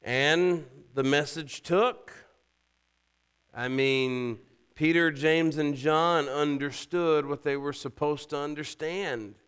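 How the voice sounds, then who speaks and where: A man preaching a sermon, chatty and full of rhetorical questions, rising high and loud whenever he quotes scripture. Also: fairly even intonation, slow pace, clean tone. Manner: conversational asides, rhetorical questions.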